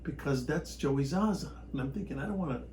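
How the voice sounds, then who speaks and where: A man who grew up around Chicago, an actor chatting as a podcast guest, telling stories in an animated way with bursts of loud excitement. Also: on the high side, a little fast, slight background noise, poor audio. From Chicago area, United States. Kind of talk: casual storytelling chat.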